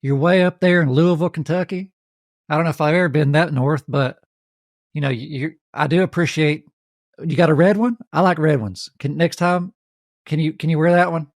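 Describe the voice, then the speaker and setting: A man's voice: on the high side, a little fast, no room sound, clean studio sound, close to an everyday voice. A man hosting a podcast, putting on an exaggerated folksy Southern twang. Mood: folksy teasing. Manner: folksy, drawling, teasing. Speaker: podcast host.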